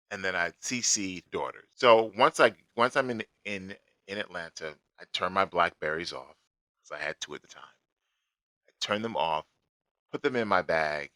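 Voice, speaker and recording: A man's voice: deep voice, sharp tone, dry recording, poor audio. A man telling a personal story in a blunt, emphatic way, going through events step by step.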